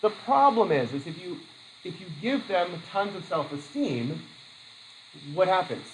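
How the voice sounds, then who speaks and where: Male teacher lecturing a class; chatty, animated, fairly high pitch, slight room hiss. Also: a little slow, rough recording. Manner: lively, acts out quoted voices, laughs easily.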